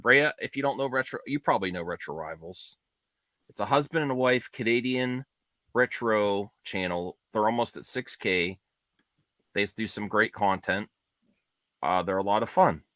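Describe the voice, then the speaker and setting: A man hosting a live stream in loose, chatty talk. His voice is bright and forward, and the sound is dry and close. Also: mid-range voice, normal speed, no room sound. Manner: chatty, drinking beer while talking. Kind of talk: casual live-stream chat.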